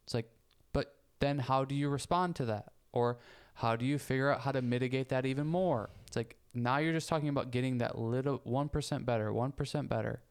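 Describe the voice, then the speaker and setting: Podcast co-host, male, smooth clear voice, earnest and casual, swears now and then. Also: medium pitch, fairly quick, hardly any pauses. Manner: earnest, reasoning with sports comparisons, casual swearing. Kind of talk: casual conversation.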